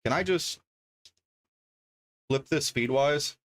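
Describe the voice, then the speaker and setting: A man's voice: on the high side, takes it slowly, a bit bright. A man livestreaming from his home desk, chatting casually and thinking aloud as he reads out card names one after another. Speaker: livestreamer opening card packs.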